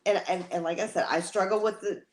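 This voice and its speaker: A woman's voice: medium pitch, a little fast. A woman co-hosting a casual live-stream chat from home, talking in an emotional, rambling way with many restarts. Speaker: co-host.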